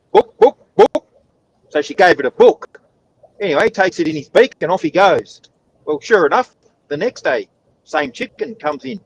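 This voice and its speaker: A man's voice: on the high side, lo-fi sound, a little hiss or hum. A man, telling jokes in a dry storytelling way during a casual livestream chat. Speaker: joke teller on a livestream chat.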